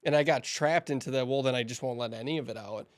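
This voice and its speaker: Male podcast host, mid-pitched, animated storyteller who acts out quotes. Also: fast. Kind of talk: casual podcast conversation.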